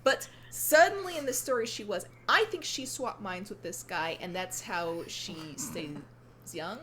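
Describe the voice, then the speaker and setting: A woman improvising a fantasy tale for friends in a casual, playful way, with dramatic pauses and frequent giggles. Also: mid-range voice, lively intonation, fairly bright tone. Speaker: storyteller in a party game.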